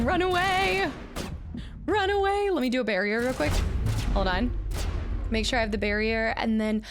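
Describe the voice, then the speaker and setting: Chatty high-voiced woman streamer. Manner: chatty, laughs often, exclaims during fights. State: out of breath. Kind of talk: casual live-stream gameplay chat.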